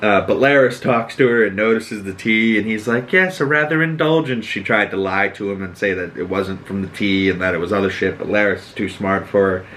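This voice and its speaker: A man's voice: low-pitched, fairly even intonation, a little fast, few pauses, a bit bright, a little hiss or hum. A man with a Boston accent hosting a podcast, chatting casually through an episode recap with plenty of swearing. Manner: chatty, profane, acts out quotes. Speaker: podcast host.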